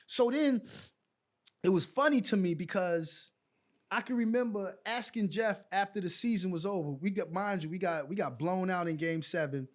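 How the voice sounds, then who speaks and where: A middle-aged man, formerly a pro basketball player, speaks at normal speed in a high-sitting voice as a casual interview guest. He tells his stories with energy, performing the quoted exchanges he remembers.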